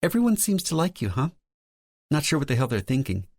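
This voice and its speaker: A man's voice: on the high side, big pitch swings, fairly quick, a little mellow, no room sound, studio quality, pitched above the performer's own voice. A male narrator voicing a teasing, sassy young woman in an audiobook, speaking in a playful, bantering way.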